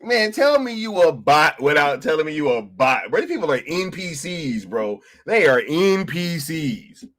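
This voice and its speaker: A young man hosting a live stream, chatting casually and mocking online critics in slangy, animated talk with frequent laughter. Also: fairly high pitch, moderate pace, hardly any pauses.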